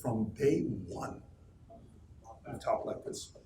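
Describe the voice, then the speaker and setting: A man's voice: mid-range voice, slow, a little hiss or hum. A man giving a live motivational talk to an office crowd, telling stories with emphasis and questioning the room. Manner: animated storyteller, emphatic, asks the room questions. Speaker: motivational speaker addressing a team. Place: office meeting space. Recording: echoey room, recorded from far off.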